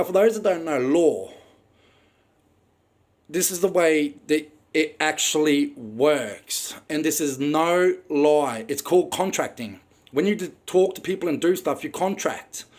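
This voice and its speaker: A young Australian man ranting angrily with plenty of swearing as he tells a personal story in a rambling way, full of ums. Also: fairly high pitch. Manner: angry, profane, rambling with frequent ums. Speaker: vlogger telling his own story.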